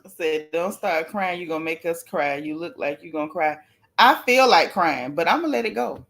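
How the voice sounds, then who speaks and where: A woman's voice: sits low, a little fast, vocal fry. Woman host, casual livestream gossip chat, sniffly, talks right to the viewers. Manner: chatty, addresses viewers directly, apologetic. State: sneezing, sniffly from allergies.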